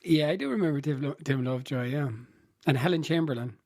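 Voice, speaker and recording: A man's voice: fairly high pitch, fast talker, a little mellow, no room sound, studio quality. A man co-hosting a podcast, chatting casually and laughing often as he rambles through his points. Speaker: podcast co-host. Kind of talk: casual chat.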